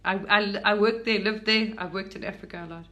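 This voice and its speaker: A woman from Britain, middle-aged, talking about spiritual matters in a loose, eager, rambling way. She restarts sentences often and slips in fillers. Her voice sits in an ordinary middle pitch. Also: steady tone, a little fast, sharp tone, a little hiss or hum. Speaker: spiritual content creator. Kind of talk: casual spiritual talk.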